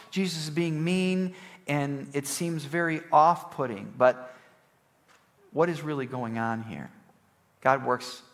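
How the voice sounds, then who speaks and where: A man preaching a conversational sermon, often checking in with "right?" and swinging between emphatic, louder passages and soft, low ones. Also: big-room sound. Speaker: pastor.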